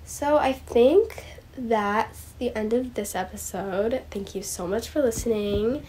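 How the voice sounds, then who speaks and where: A woman's voice: a little high, takes it slowly, dark tone, slight background noise. A young woman hosting a solo podcast, rambling emotionally about a show with many fillers and restarts. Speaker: podcast host. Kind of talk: casual solo podcast recap.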